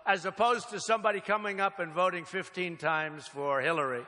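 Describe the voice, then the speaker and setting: Older man, rally speech, bright forceful voice, high-pitched, big echoing hall. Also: moderate pace, hardly any pauses. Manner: repetitive, emphatic, speaks in short punchy phrases. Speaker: political candidate speaking at a rally. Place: large hall, crowd present. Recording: long hall reverb with faint noise.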